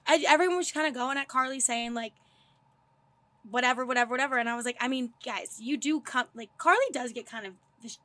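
A young woman co-hosting a podcast, telling animated stories in casual chat and swearing freely. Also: high-pitched, quick pace, few pauses, dry recording. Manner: animated storytelling, swears and laughs often. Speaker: podcast co-host.

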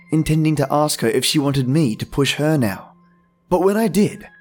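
A man hosting a podcast, reading a horror story slowly and quietly after a friendly, chatty welcome. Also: a little high. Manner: friendly, chatty intro, then slow hushed reading. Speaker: podcast host and narrator. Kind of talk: scripted horror story narration. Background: faint music.

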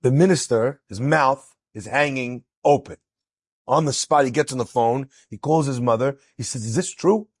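Male rabbi storyteller, husky, dry close sound, animated delivery. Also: mid-range voice, normal speed, no room sound. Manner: animated, acts out quotes with rising excitement. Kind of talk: storytelling lecture.

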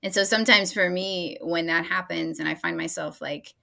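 Woman podcast host, lower register, crisp bright tone, casual and reflective. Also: steady tone, normal speed. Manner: reflective, laughs lightly while making her points. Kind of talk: casual conversational interview.

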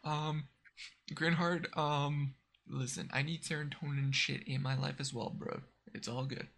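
A man's voice: a little high, level tone, a little slow, creaky, fairly bright tone, slight background noise. A man chatting casually with a slangy, laid-back manner as a stream guest. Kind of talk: casual chat.

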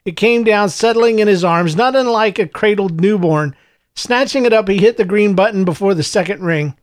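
A man reading a children's novel aloud in steady storytelling narration. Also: sits high, normal speed, no room sound, clean studio sound. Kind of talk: audiobook narration.

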